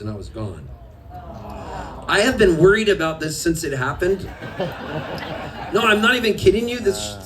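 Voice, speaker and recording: A man telling stories between songs at a live show, animated and self-mocking, often laughing as he talks. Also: a little high. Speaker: singer-songwriter telling stories on stage. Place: live music venue with an audience. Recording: distant live room recording with crowd. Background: audience and ambient noise.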